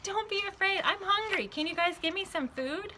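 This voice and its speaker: A woman voicing a gentle, kindly man. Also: very high-pitched, moderate pace, slight background noise, voice pushed up. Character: gentle adult male savior speaking kindly.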